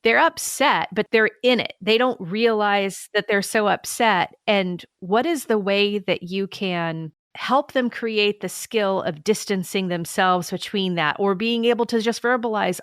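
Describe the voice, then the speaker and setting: A woman co-hosting a podcast, asking follow-up questions and summing things up in a relaxed, conversational way. Her pitch is middle for a woman. The sound is dry and close, with no room echo. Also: measured pace, hardly any pauses, clear, resonant tone. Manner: conversational, asks questions and sums up. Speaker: podcast co-host. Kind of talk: casual podcast chat.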